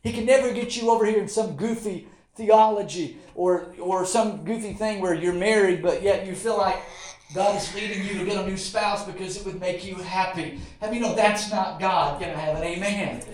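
A man's voice: sits high, normal speed. A middle-aged man, a pastor, preaching a sermon in a folksy, joking way. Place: church sanctuary. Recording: echoey church room.

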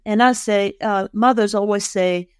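A woman's voice: medium pitch, fairly even intonation, unhurried, smooth, dry recording. Thoughtful woman guest, dry sound. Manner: thoughtful, explanatory, frequent restarts. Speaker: podcast guest, author. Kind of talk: interview conversation.

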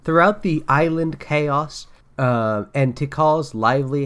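A man reading a fan story aloud in an expressive lilting rhythm. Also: fairly high pitch, slow, few pauses, clear, resonant tone. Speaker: reader.

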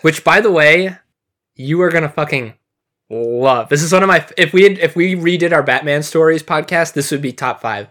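A man co-hosting a podcast, chatting in a relaxed, casual way with some swearing. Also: fairly high pitch, moderate pace. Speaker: podcast co-host. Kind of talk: casual chat.

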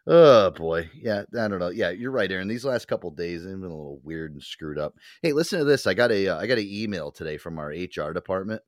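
A man hosting a podcast, talking casually and animatedly, swearing often and mimicking other people in loud high voices. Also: lively intonation, quick pace, hardly any pauses, dry recording, studio quality. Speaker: podcast host. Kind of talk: casual chat.

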